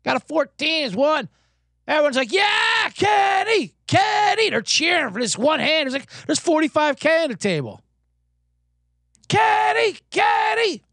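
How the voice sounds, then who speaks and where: A man hosting a sports betting podcast, telling a casino story and giving picks in a profane, animated way with shouted crowd chants. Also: extremely high pitch, brisk, dry recording, clean studio sound.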